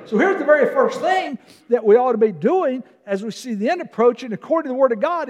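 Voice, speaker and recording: A man preaching a sermon as a guest preacher, emphatic, swinging between loud declarations and soft asides. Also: very high voice, lively intonation, a little fast, big-room sound, muffled recording. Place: church sanctuary.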